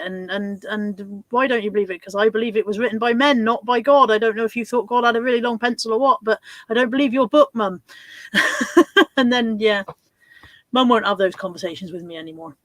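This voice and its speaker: A woman's voice: fairly high pitch, fairly quick, fairly bright tone, no echo. A woman chatting casually as co-host of a live stream, wry and self-mocking.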